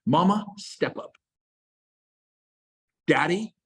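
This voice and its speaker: A man's voice: mid-range voice, animated, moderate pace, a little mellow, husky. A man, a real estate coach, giving an emphatic motivational speech to agents and firing rhetorical questions at them. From Texas.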